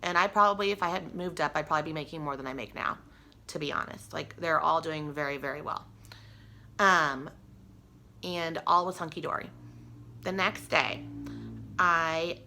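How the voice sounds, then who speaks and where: A woman's voice: sits low, pushed and bright. A young woman telling a personal story to camera in a chatty, rambling way, full of "like" and restarts. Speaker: vlogger.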